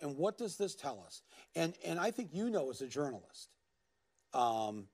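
A man speaking earnestly as a guest in a televised interview, halting and repeating words as he goes. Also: on the high side, big pitch swings, darkish tone, breathy edge.

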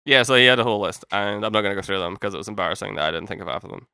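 A man's voice: fairly low pitch, rapid-fire, bright, forceful tone, smooth, no echo. A young man co-hosting a casual podcast chat, rambling and cutting himself off mid-sentence, swearing casually now and then. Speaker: podcast co-host.

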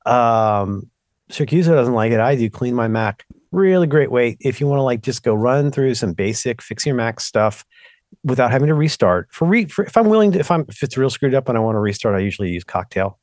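Animated rambling man, casual podcast. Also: medium pitch, a little fast, dry recording, clean studio sound. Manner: rambling, animated, self-interrupting. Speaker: podcast co-host. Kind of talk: casual tech chat.

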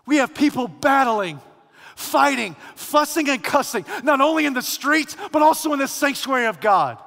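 A man preaching a sermon dramatically, swinging from shouts to near-whispers. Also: very high voice, animated, normal speed, vocal fry, big-room sound.

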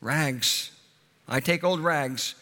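A man voicing a tall, strong rag man with a slow street cry and a hushed, gentle way of speaking. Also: on the high side, full character voice. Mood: calling out. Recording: reverberant hall.

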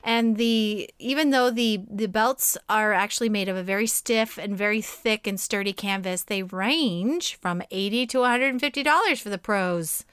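A woman's voice: mid-range voice, moderate pace, hardly any pauses, a bit bright, clean tone, no room sound, studio quality. A woman co-hosting a podcast who chats expressively and reads out listener questions. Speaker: podcast co-host. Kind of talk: casual podcast chat.

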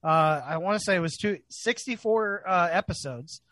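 A man's voice: high voice, moderate pace, fairly bright tone, no echo. A man co-hosting a podcast, chatting casually and enthusiastically, swearing and laughing often. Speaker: podcast co-host.

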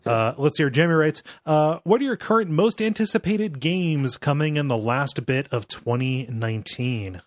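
A man's voice: a little high, lively intonation, moderate pace, few pauses, dry recording, studio quality. A man hosting a podcast, talking in a rambling way with many restarts. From American Midwest. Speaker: podcast host. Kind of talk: casual chat.

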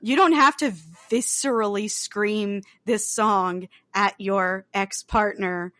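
A woman's voice: medium pitch, steady tone, slow pace, fairly bright tone, no room sound. Chatty, swearing woman podcast host. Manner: chatty, swears freely, many fillers. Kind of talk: casual chat about a film.

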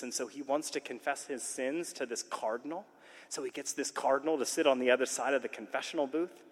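A man delivers a sermon-style talk from a stage, his voice sitting at an ordinary middle pitch. He tells his story earnestly and with animation. The sound trails off into the long reverb of a large hall. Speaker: conference speaker.

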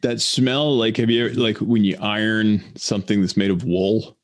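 A man co-hosting a casual chat, rambling and halting, laughing often and mimicking voices in his stories. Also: on the low side, steady tone, dry recording. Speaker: podcast co-host.

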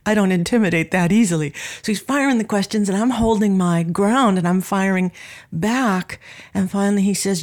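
A woman's voice: mid-range voice, brisk, a little mellow. A woman in her sixties, a music producer and professor, telling a story in an interview and acting out the voices of the people in it. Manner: vivid storyteller who acts out quoted voices.

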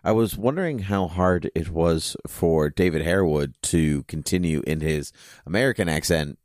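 A man's voice: low voice, normal speed, a little mellow, no echo, clean studio sound. A man co-hosting a podcast in a casual chat, rambling and leaning heavily on "you know" as he thinks aloud. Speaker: podcast co-host.

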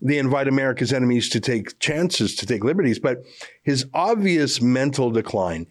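Scornful, animated male commentary host. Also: medium pitch, normal speed. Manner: scornful, emphatic. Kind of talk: scripted political commentary.

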